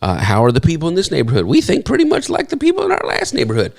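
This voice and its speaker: A man's voice: a little high, very fast, vocal fry. A man giving a talk, telling stories in a folksy, conversational way and acting out the dialogue. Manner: animated storyteller who acts out quoted dialogue. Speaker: speaker. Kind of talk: storytelling talk to an audience.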